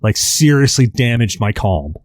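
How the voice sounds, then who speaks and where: A man's voice: medium pitch, moderate pace, no room sound. A man on a podcast telling a long story in a casual, rambling way, full of fillers and acted-out quotes. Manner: animated, rambling with many fillers. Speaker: podcast host.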